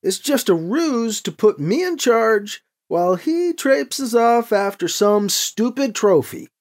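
A sharp-tongued, skeptical woman quick to anger, as an audiobook reader puts her on. She speaks with open scorn, and her pitch leaps about widely. A storybook character. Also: big pitch swings. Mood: angry.

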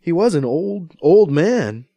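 A man voicing a grieving, sharp-tongued young woman scientist, in a high, strained and emotional voice. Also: big pitch swings, slow pace, creaky, dry recording, full character voice. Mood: distraught.

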